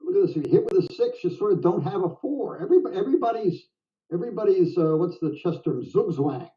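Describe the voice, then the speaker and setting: An older man calling a game live, chatty and full of quips, with a slightly high voice. He sounds set back from the mic, and the audio is dull and muffled. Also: big pitch swings, distant mic. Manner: chatty, jokey, quick to laugh. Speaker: backgammon commentator.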